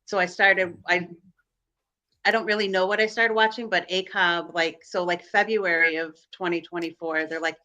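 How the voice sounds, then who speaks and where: A woman with a Chicago accent chats as a stream guest, her voice bright and forward and sitting a little low for a woman. She rambles, piling up "um"s and restarts as she tells her stories. She comes through on a video call. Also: fairly even intonation, normal speed. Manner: rambling, filler-heavy storytelling. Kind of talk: casual chat on a live stream.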